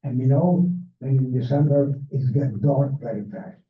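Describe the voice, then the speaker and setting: An older man with a Hungarian accent, a Holocaust survivor giving a measured personal testimony talk with non-native grammar, his first language Hungarian. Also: mid-range voice, fairly even intonation, phone-quality sound. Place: library event room. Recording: echoey, distant, phone-thin sound.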